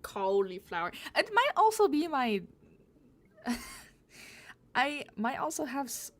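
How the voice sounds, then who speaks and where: A young woman with a slight Southern US accent chats casually to her stream as she draws, rambling, giggling, and correcting herself. Her voice is high-pitched with huge pitch swings, and she speaks slowly.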